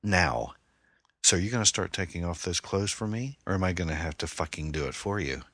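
A man's voice: low-pitched, lively intonation, brisk, fairly bright tone, husky, dry recording, full character voice. A man reading the part of a controlling male stalker, voiced with cold, mocking menace. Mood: threatening.

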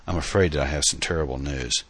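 A man voicing a gentle, grieving older uncle in a soft, subdued delivery. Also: rumbling low, fast, breathy edge.

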